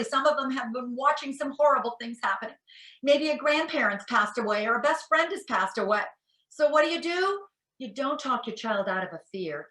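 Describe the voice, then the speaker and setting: A woman in her sixties giving an animated talk to parents as a psychologist, acting out quotes as she tells stories. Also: a little high, roomy sound, low-quality recording. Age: 60s. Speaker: educational psychologist speaker.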